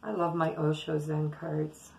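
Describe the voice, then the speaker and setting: A woman's voice: low-pitched, level tone, unhurried, creaky, background noise. A woman giving a casual, rambling daily tarot reading straight to camera, talking in a chatty, intuitive way. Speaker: tarot reader.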